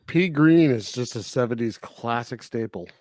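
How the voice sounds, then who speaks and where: A man's voice: medium pitch, moderate pace, no room sound. A man co-hosting a podcast, chatting casually about a movie, laughing and acting out scenes. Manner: animated, laughs and acts out characters. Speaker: podcast co-host. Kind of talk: casual film review chat.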